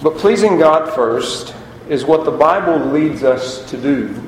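A man preaching a sermon as pastor, chatty and lively, asking the congregation rhetorical questions. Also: a little high, measured pace, a little hiss or hum. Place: church sanctuary. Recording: echoey hall.

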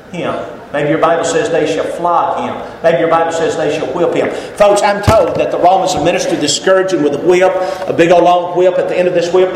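Male preacher, high and dramatic, very reverberant church hall. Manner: dramatic, rises to shouts and drops to a hush. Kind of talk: sermon. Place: church sanctuary. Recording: very echoey hall with faint noise.

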